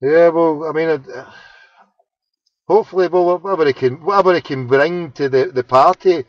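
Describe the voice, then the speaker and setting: A man's voice: fairly high pitch, moderate pace, dry recording. A man chatting casually, rambling and swearing, with many restarts. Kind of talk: casual chat. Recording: dull lo-fi sound.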